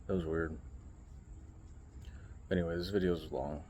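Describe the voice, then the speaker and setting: A man's voice: low-pitched, normal speed, slight background noise. A young man rambling casually in a late-night vlog, telling stories with lots of fillers. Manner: rambling, relaxed storytelling with many fillers. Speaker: vlogger and streamer.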